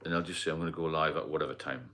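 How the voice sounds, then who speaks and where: A man's voice: a bass voice, steady tone, rapid-fire, sharp tone. A middle-aged man with a mixed Geordie and London accent, hosting a casual livestream chat and rambling as he answers viewer comments. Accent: Geordie and London mix. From Northeast England. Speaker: livestream host.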